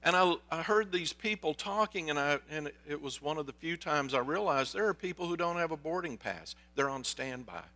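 A male pastor delivers a sermon in a relaxed, storytelling way, turning often to ask his listeners questions. His voice sits a little high and sounds bright and forward. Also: fairly quick, hardly any pauses. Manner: conversational storytelling, asks the congregation questions.

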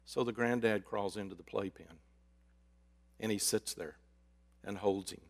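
A man preaching a sermon, swinging between loud emphasis and hushed, drawn-out words. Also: on the low side. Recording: reverberant hall.

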